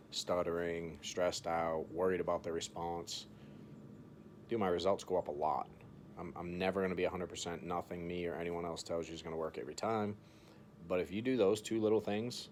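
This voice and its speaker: A man's voice: deep voice, slight background noise. A man coaching salespeople in a casual, chatty way, acting out phone calls and saying "dude" a lot. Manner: relaxed, chatty, role-plays phone calls, says "dude" often. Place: home, recording himself.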